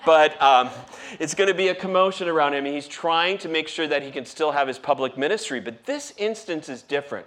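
A man preaching a sermon in a relaxed, conversational way, acting out quoted lines with rising and falling voice. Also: a little high, fairly quick. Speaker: pastor.

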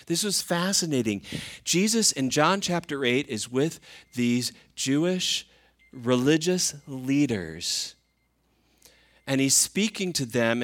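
A man's voice: a little high, fairly bright tone. A male pastor giving a sermon in a conversational way, often asking the listeners questions.

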